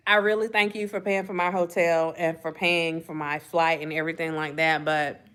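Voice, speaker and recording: A woman imitating an evasive young woman making hushed, rushed, sheepish excuses. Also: sits low, flat delivery, clear, resonant tone, pitched below the performer's own voice.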